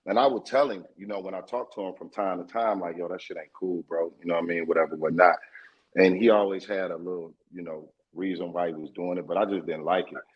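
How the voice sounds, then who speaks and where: A man with a husky, slightly raspy voice tells his side of a story as a podcast guest. He talks loosely and profanely and circles back with lots of fillers. The recording sounds dull and lo-fi. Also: sits low, fairly even intonation, fast.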